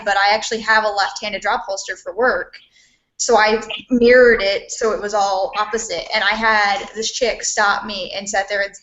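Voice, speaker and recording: A woman chatting casually on a group video call, telling stories in a quick, lively way. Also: mid-range voice. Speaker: cosplayer guest. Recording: slightly dull video call audio.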